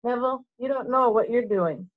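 A woman's voice: on the high side, normal speed, narrow, tinny audio, voice pushed up, natural voice. A woman reading as an exasperated schoolboy wizard. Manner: exasperated, blunt.

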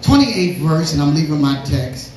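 Man preaching in a church, kinda high voice, really echoey hall, repeats stuff, gets the crowd to answer back. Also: sing-song, normal speed, darkish tone. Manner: reads scripture then preaches, repeating synonyms; call-and-response with the congregation. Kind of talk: sermon. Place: church sanctuary.

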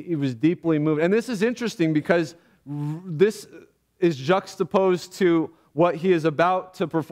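A pastor preaching a sermon, earnest and reflective, often pausing and halting as he speaks. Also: mid-range voice, a little mellow. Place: church.

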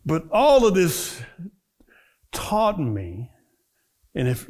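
A middle-aged man preaches a sermon, weaving personal stories into his message. His voice sits a little high and swings widely in pitch as he acts out the people he describes. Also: wildly swooping pitch, drawn-out words, a little mellow. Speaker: minister. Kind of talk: storytelling sermon.

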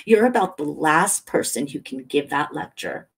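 A woman reading the lines of a smug, menacing grown man who taunts calmly and matter-of-factly. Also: sits low, moderate pace, creaky, slightly rough, exaggerated voice. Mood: taunting.

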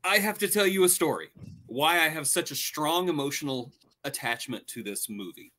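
Male co-host in his forties, animated, enthusiastic storyteller, bright and slightly high. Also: moderate pace. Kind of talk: casual storytelling chat.

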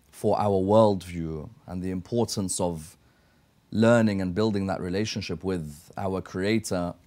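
Measured British man explaining. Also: lowish voice, darkish tone. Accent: British English. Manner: measured, explanatory, builds lists. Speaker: guest scholar. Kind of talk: studio discussion, lecturing. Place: TV studio.

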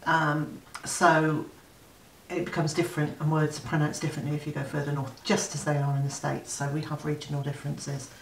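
A woman with a southern English accent, a guest in a casual chat, lively and teasing and quick to laugh. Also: low voice, gravelly, echoey room, far from the mic, a little hiss or hum, low-quality recording. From England.

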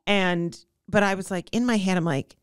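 Animated witty woman comedian guest. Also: mid-range voice, clear, resonant tone, dry recording, clean studio sound. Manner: animated, quick-witted storyteller. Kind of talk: comedic casual chat.

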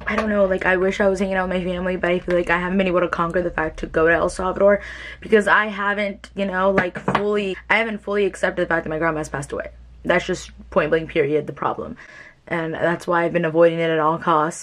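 A woman's voice: on the low side, steady tone, very fast. Chatty young woman vlogging to camera. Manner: chatty, emotional, many "like" fillers. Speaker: beauty vlogger. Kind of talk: casual vlog chat to camera.

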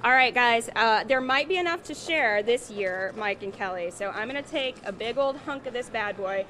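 High-voiced bubbly woman reporter. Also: normal speed, crowd noise. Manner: bubbly, excited. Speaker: live field reporter. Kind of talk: live TV news feature.

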